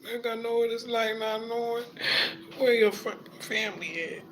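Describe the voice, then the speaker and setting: A man's voice: very high voice, flat delivery, normal speed, slight background noise, low-quality recording. A man vlogging his emotional reaction, talking in a tearful, heartfelt way with casual slang.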